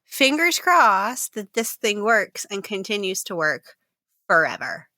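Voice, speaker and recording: A woman co-hosting a podcast in upbeat casual chat. Her voice is mid-pitched and strikingly bright, recorded close and dry. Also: sing-song, a little slow, no room sound. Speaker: podcast co-host.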